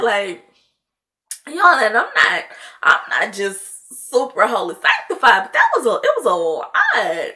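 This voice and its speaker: A woman's voice: on the high side, wildly swooping pitch, unhurried, sharp tone. A woman vlogger telling a story in casual chat, with laughing asides to her viewers.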